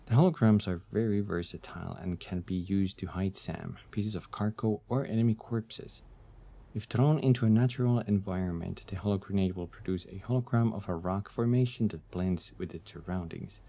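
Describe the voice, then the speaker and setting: A man streaming a video game, chatting excitedly and reading the game text aloud. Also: low-pitched, normal speed, vocal fry. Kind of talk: casual gameplay commentary.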